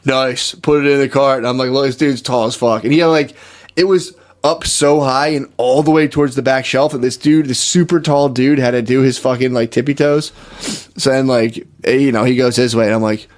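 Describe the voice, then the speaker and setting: A man's voice: medium pitch, steady tone, a little fast, darkish tone. Rambling, profane male podcast co-host. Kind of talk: casual comedy podcast chat.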